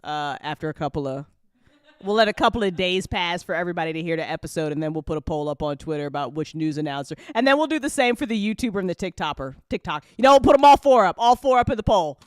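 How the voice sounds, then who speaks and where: Giggly animated woman host. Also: fairly low pitch, fast, dry recording, clean studio sound. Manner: giggly, animated, frequent laughter. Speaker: host and show creator. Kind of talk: casual chat after a live listen party.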